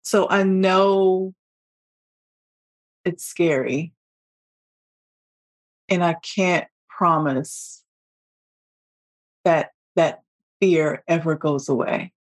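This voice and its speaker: A woman hosting a motivational podcast, talking heartfelt and emotional, calling her listeners y'all as she coaches them. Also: fairly low pitch. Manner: heartfelt, emotional, slow deliberate emphasis. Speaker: podcast host and business coach.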